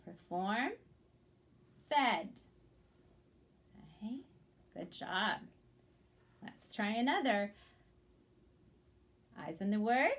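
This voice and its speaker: A woman's voice: medium pitch, animated, slow pace, long pauses. A woman teaching young children to blend word sounds in a reading lesson, speaking patiently and encouragingly and checking in often.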